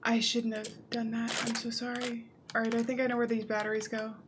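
Young woman gamer, chatty, playful, a bit high, noisy mic hiss. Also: level tone, brisk. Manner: chatty, talks to viewers, playful and easily startled. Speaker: gaming youtuber. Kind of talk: casual let's play commentary.

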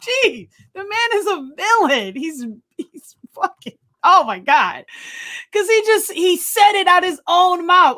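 High-voiced woman, excitable and laughing. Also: unhurried. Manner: excitable, laughs often, swears casually. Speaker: podcast co-host. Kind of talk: casual movie review chat.

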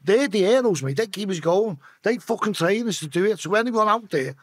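A man's voice: sits high, lively intonation, a little fast, slightly rough. A man with a Liverpool accent, a podcast guest telling a story with lots of swearing and acted-out voices. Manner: swearing, acting out voices in his tale. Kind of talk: emotional storytelling.

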